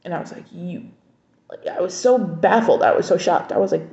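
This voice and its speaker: A young woman recounts a personal story straight to camera in a candid, conversational way, voicing the people in it as she goes. Her voice is low-pitched, mellow and gravelly with vocal fry. The recording is dull and lo-fi, in an echoey room. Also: quick pace. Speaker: vlogger.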